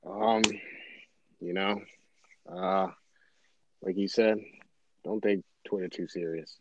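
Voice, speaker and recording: A man's voice: deep voice, fairly even intonation, takes it slowly, muffled recording, noisy background. A young man co-hosting a podcast, laid-back and slangy in casual chat. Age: young adult. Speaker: podcast co-host.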